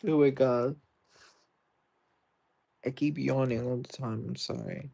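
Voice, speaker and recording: A British man chats casually on a game livestream, reading out and answering viewer comments as he goes. His voice sits at an ordinary middle pitch with a noticeable gravelly fry, and he rambles easily from one thought to the next. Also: steady tone, slow, warm tone. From Britain. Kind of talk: casual livestream chat while gaming.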